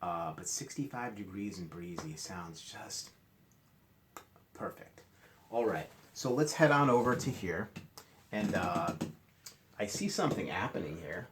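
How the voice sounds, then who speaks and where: A man's voice: sits low, expressive, a little slow, pauses often, noisy background. A male teacher leading a morning meeting lesson for young children, explaining step by step in a patient, friendly, playful way.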